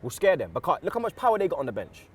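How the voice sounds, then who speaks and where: A man talking football as a fan pundit in excitable, slang-filled chat, telling stories with loud outbursts. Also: on the high side, very fast, husky.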